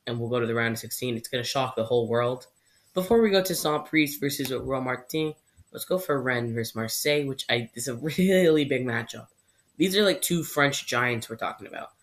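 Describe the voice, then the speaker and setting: Young canadian dude rambling thru his football picks, mid-pitch voice, trips over the names. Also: fairly bright tone. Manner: chatty, rambling, stumbles over French names. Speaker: football channel host. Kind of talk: casual prediction vlog.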